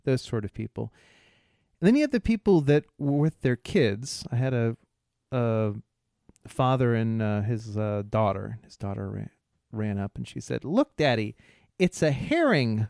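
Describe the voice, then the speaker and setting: A man co-hosting a podcast, telling a rambling story in casual chat, halting often, laughing, and imitating bystanders' voices. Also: mid-range voice, animated, vocal fry, mellow, dry recording, clean studio sound. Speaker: podcast co-host.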